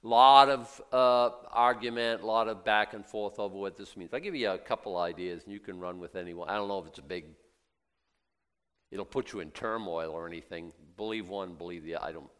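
A man preaching a sermon, swinging between quiet reflection and loud excited emphasis, acting out the voices of biblical figures and doubters. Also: lowish voice, a little fast, clear, resonant tone. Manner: laughs now and then, talks in restarts.

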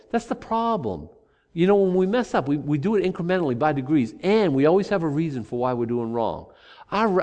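A middle-aged man preaching a sermon in an animated way, acting out the excuses people make. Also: mid-range voice. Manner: animated, acts out rationalizing voices.

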